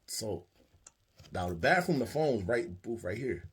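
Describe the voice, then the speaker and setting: A man telling a story in a laid-back, slangy way with quiet asides. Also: mid-range voice, very animated, a little fast, breathy edge. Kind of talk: casual storytelling.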